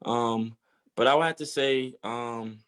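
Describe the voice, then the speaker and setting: A man's voice: mid-range voice, slow, a bit bright, clean tone. Hesitant man musician, lots of ums. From Georgia, USA. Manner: hesitant, many fillers. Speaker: musician guest. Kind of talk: casual interview.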